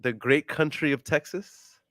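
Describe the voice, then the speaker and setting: A man's voice: on the high side, a little slow, a bit bright, no room sound, studio quality. A man hosting a casual vlog, talking upbeat and polite on a sales call, then joking with a friend. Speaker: real estate investor and vlog host. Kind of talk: casual phone call and chat.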